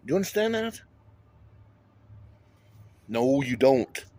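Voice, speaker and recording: Low-voiced man rambling and swearing. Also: lively intonation, moderate pace, breathy edge. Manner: rambling, wandering, with frequent swearing. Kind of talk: rambling monologue to camera.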